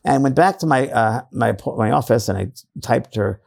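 A man speaking as a guest in a casual interview, his dark voice gravelly and husky. He tells earnest stories at mid pitch, often restarting his sentences as he goes. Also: normal speed. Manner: earnest storytelling with frequent restarts. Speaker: psychic medium guest.

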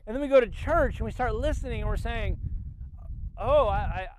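A man's voice: extremely high pitch, expressive, brisk. A man preaching an impassioned sermon at a family camp, often repeating words as he builds up. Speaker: pastor. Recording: tinny phone-like sound with loud noise.

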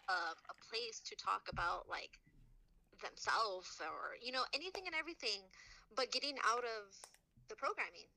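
A woman's voice: medium pitch, pushed and bright, rough recording. A woman guesting on a podcast, speaking in a casual, reflective and earnest way.

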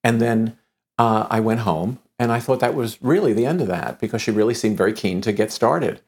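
Gravelly-voiced man telling a story. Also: lowish voice, brisk. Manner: lively storyteller who acts out quoted dialogue; frequent stammered restarts. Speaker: writer telling an anecdote. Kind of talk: animated anecdote in conversation.

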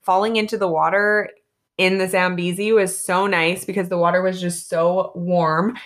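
A young woman from Canada, co-hosting a casual chat and telling animated travel stories, full of "like" and "basically". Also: fairly low pitch, moderate pace. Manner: animated storytelling with lots of "like" and "basically". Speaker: co-host recounting travels.

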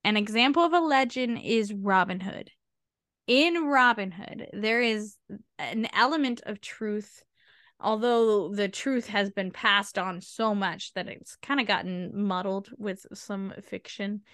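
Slow-talking bright woman co-host. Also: mid-range voice, no echo, studio quality. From United States. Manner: animated and emphatic, asides with "okay?". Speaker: podcast co-host. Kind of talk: casual chat.

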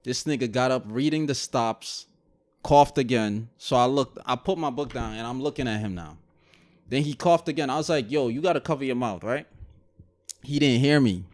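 A young man in his twenties tells a story in a loose group conversation, animated and full of swearing. His voice sits at an ordinary pitch and sounds dry and close, with almost no room around it. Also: normal speed, dry recording. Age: 20s. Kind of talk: casual group chat.

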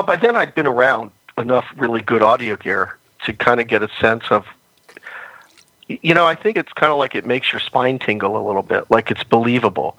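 A man chatting as a guest on a podcast, his voice sitting at an everyday middle pitch. He rambles along with plenty of "you know" fillers. The sound is dry and close, with no room echo. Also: a bit bright. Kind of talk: casual interview chat.

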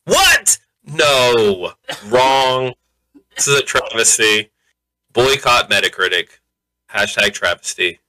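A man co-hosting a casual podcast about a movie, excitable and quick to laugh, now and then slipping into mock voices. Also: medium pitch, rough recording. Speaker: podcast co-host. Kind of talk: casual movie review chat.

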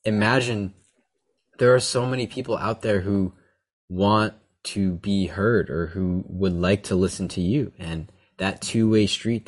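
A male podcast host with a very low voice reflects on the conversation with his guest. He sounds thoughtful and enthusiastic, and he speaks in a casual, friendly way.

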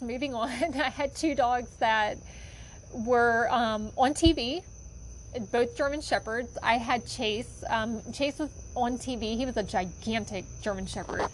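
A woman's voice: a little high, a little hiss or hum, poor audio. A woman telling personal stories about fostering dogs in a chatty, heartfelt way with lots of fillers. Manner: chatty, many fillers, gets emotional. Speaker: dog foster volunteer. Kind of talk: casual storytelling monologue.

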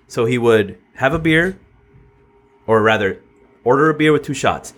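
A man's voice: medium pitch, lively intonation, normal speed, pauses often, a bit bright. Guy in his 30s rambling thru a bar story on a podcast, lots of restarts, voice bounces up and down. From Southern California. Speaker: podcast co-host. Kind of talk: casual chat.

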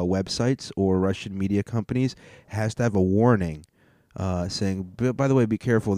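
Profane, rambling podcast man, dark voice. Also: on the low side, no echo, studio quality. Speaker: podcast host. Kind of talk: casual podcast rant.

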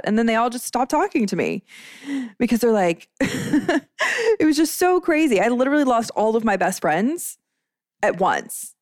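A woman's voice: a little high, very animated, brisk, no room sound, studio quality. A woman in her thirties hosting a podcast, telling a personal story in a candid, chatty way. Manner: candid and chatty, many fillers. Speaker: podcast host.

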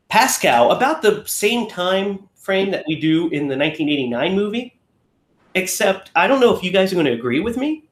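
A man's voice: high-pitched, roomy sound. A man co-hosting a casual film discussion, rambling and correcting himself as he talks, often acting out lines. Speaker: podcast co-host.

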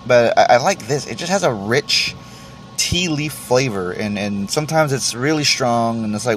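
Speaking at medium pitch with an expressive, slightly bright delivery and moderate pace, a man rants casually on his solo podcast. He tastes tea, jokes at his own expense, swears frequently and keeps restarting sentences. A little hiss or hum is audible.

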